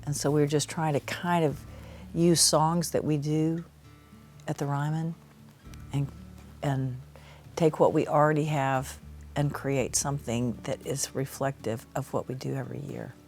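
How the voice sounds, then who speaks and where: A woman's voice: low-pitched, steady tone, a little slow, darkish tone, soft background music. A middle-aged woman answering interview questions in long, thoughtful sentences. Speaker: singer, interview guest.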